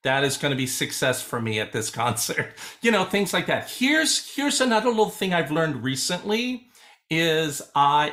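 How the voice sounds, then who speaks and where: A man chatting on a video call about teaching choir, his voice sitting a little high. He tells stories with energy and slips into quoted voices of his students. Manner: animated storyteller, acts out quoted students. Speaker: choral music educator. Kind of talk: casual video-call conversation.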